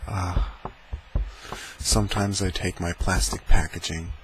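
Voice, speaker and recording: This is a soft-spoken ASMR demonstration by a man at home: his deep voice is slow and steady, his manner playful and wandering. Behind him a heater fan hums, and the poor-quality audio carries that fan noise.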